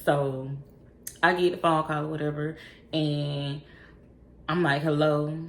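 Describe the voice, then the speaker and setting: A woman telling a story straight to camera in a blunt, profane, animated way. Her voice sits low and has a gravelly fry. The room is echoey and has a faint hiss of noise. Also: slow. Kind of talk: casual storytime.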